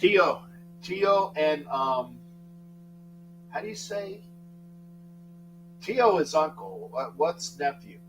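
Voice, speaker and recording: A man's voice: a little high, lively intonation, takes it slowly, pauses often, soft background music. An older man hosting a live sports talk stream, chatting casually and greeting viewers by name in a rambling way. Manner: rambling, shouts out viewers by name, frequent restarts. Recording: distant mic with faint mains hum.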